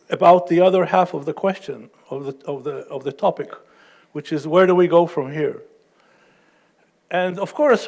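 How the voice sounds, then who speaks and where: A middle-aged man speaking as a panelist at a university event, wry at first and then measured and explanatory, often restarting his sentences. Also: high-pitched, vocal fry, a little mellow. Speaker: panelist and professor.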